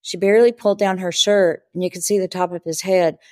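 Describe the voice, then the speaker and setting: A woman's voice: fairly low pitch, steady tone, a little fast, mellow, no room sound, clean studio sound. Earnest woman telling a story. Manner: earnest, vivid storyteller who acts out dialogue. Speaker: spiritual teacher and medium. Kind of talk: interview storytelling.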